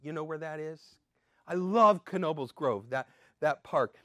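An older man giving an earnest sermon as a pastor, swinging between emphatic and soft. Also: a little high, unhurried, dry recording, studio quality.

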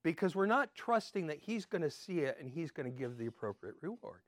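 An older man giving an earnest sermon as a pastor, swinging between emphatic and soft. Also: fairly high pitch, sing-song, brisk, no echo, studio quality.

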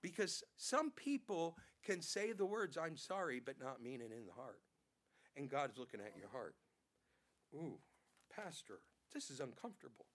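A male pastor preaching a sermon, animated, acting out quotes in changing voices and often repeating words. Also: mid-range voice, normal speed.

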